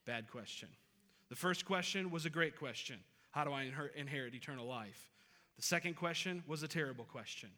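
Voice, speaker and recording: A man's voice: a little high, a little fast, pushed and bright. A man in his thirties preaching a sermon as pastor in a church, earnest and emphatic, repeating key phrases. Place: church sanctuary. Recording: reverberant hall.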